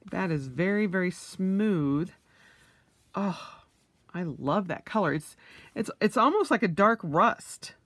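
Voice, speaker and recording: A woman's voice: lowish voice, lively intonation, slow, a bit bright, dry recording. A woman vlogger, middle-aged, unboxing purchases in a casual vlog, gushing with oohs and yays.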